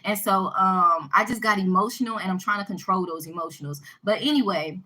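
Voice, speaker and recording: A woman telling a personal story to her viewers in a casual vlog, animated and emphatic, often repeating herself. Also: medium pitch, fairly quick, rough recording. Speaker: vlogger addressing her viewers.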